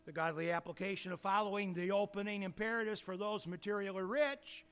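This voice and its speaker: A man preaching a sermon, firing rhetorical questions and building to emphatic shouts. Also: high voice.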